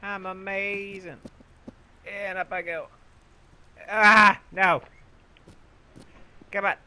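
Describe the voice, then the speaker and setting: A young man commentating his own gameplay, bragging goofily about being a genius and yelling for help in mock panic. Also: sits high, level tone, takes it slowly, a little hiss or hum. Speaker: gaming YouTuber. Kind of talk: let's play commentary.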